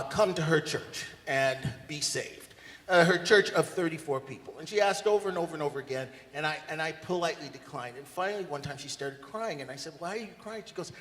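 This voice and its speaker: A man telling a wry personal anecdote with relaxed hesitations during a church service. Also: on the high side. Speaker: tuba player and storyteller. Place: church sanctuary. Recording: long hall reverb.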